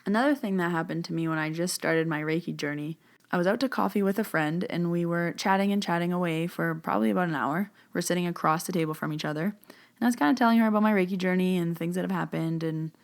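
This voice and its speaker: Podcast host, female, low register with vocal fry, casual storyteller who quotes dialogue often. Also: quick pace. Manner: retells events with quoted back-and-forth dialogue; conversational, with frequent "like" and "um" fillers. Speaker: podcast host and spiritual medium.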